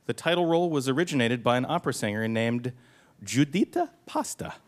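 Over heavy background noise, a quiz master with a mid-range voice runs a quiz game at a fast clip. He explains the rules and reads clues with dry jokes, in a dry, jokey, animated way.

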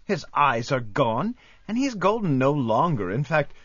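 A man voicing a fussy, pompous town mayor in a radio drama reading, making disdainful, drawn-out remarks. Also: fairly high pitch, sing-song, a bit bright, breathy edge, no room sound, heavily acted. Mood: sniffy disdain. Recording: dull lo-fi radio recording.

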